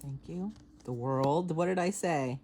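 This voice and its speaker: A woman giving a casual tarot reading to camera, chatty and excitable, laughing often and swearing casually. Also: sits low, unhurried, slight background noise. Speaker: tarot reader.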